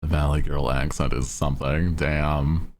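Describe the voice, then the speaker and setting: A man's voice: a bass voice, little pitch movement, measured pace. A male streamer chatting casually in a laid-back, slangy way and laughing often.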